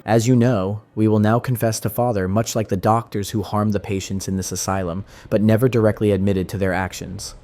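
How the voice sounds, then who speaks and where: A man reads scripted voice-over in a solemn, measured way. His voice sits low and sounds mellow and warm. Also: level tone. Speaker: narrator.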